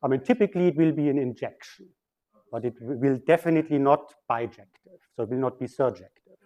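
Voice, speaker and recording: A man's voice: medium pitch, lively intonation, quick pace, mellow, highs cut off. A man giving a mathematical physics lecture, explaining step by step at a board.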